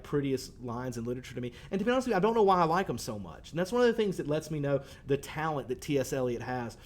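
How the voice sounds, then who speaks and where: A male teacher, talking students through a poem in a conversational way, with fillers and lines read aloud. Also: fairly high pitch. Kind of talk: recorded poetry lesson for students.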